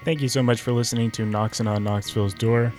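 A man's voice: medium pitch, fairly even intonation, fast, darkish tone, soft background music. A young man, co-hosting a podcast in rambling, chatty talk full of "I was like". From East Tennessee. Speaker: podcast co-host. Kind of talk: casual chat.

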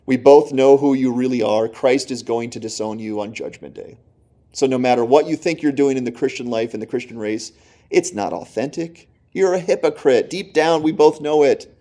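A man voicing a taunting male devil who accuses a believer in a low, hushed tone. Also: normal speed, natural voice.

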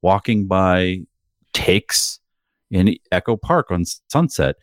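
A man's voice: low-pitched, expressive, takes it slowly, dry recording, studio quality. A middle-aged man co-hosting a podcast, telling candid stories in casual chat and swearing freely. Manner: candid, profane storytelling. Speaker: podcast co-host.

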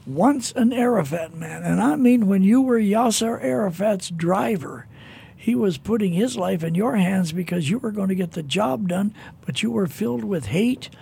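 A high-pitched man with a gravelly, husky voice hosts a radio broadcast. He talks in a folksy, affirming way, praising his guest's story. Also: animated, normal speed, dark tone. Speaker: radio host. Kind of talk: radio interview.

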